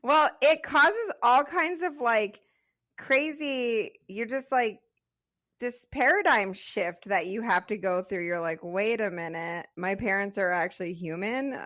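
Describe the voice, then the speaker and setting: Casual podcast chat comes from a woman in her thirties who co-hosts the show and says "like" often. Her voice is on the high side and a bit bright.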